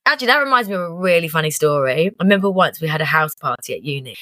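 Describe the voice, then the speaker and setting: A woman's voice: low voice, racing, dry recording, clean studio sound. A young woman co-hosting a podcast, telling party stories in casual chat and acting out the people in them. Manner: animated, acts out voices in her stories. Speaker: podcast co-host.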